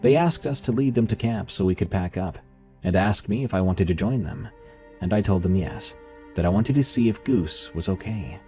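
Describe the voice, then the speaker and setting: A man reading a first-person horror story aloud in a measured, steady narration. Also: on the low side, soft background music.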